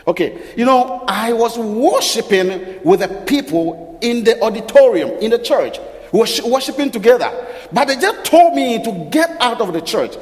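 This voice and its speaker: A man's voice: very high-pitched, animated, normal speed. A man preaching plays a distressed young man who was thrown out of church, pleading and upset. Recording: long reverb of a large hall.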